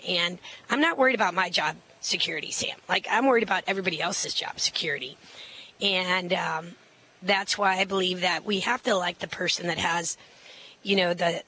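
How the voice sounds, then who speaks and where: Middle-aged woman candidate, bright tone, confident, quick, filler-heavy interview answers. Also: mid-range voice, slight background noise, rough recording. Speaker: mayoral candidate.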